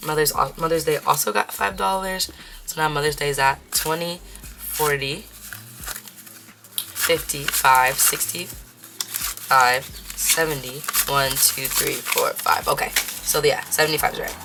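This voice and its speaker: A young woman with a low voice talks casually to her viewers while counting bills aloud. She is chatty and now and then slips into Spanish phrases. A faint hiss sits under the recording. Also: fairly even intonation, a little slow, pauses often. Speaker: budgeting vlogger.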